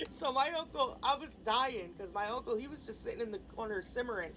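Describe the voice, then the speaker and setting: A woman's voice: medium pitch, expressive, brisk, few pauses, slight background noise, poor audio. A woman vlogger casually telling a rambling personal story, full of fillers and restarts. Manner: subdued and grieving in later part. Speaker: nail art vlogger.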